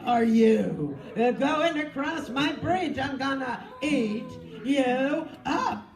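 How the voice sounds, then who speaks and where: A woman voicing a hungry, hairy male troll who roars and gloats slowly over his meal, in a live storytelling show. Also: high-pitched, expressive, a crowd in the background, pitched above the performer's own voice, heavily acted. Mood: menacing gloating. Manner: roaring, slow and gloating, with a chuckle. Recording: roomy store with loud guitar.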